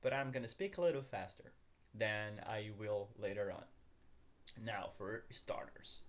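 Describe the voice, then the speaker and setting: A man's voice: lowish voice, measured pace. A man teaching a beginners' language lesson, upbeat, calling his viewers guys and asking them to repeat after him.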